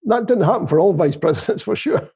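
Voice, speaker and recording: A man's voice: high-pitched, expressive, a little fast, vocal fry, dark tone, breathy edge. A Scottish man interviewing a guest in a casual political chat, asking wry, teasing questions. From Scotland.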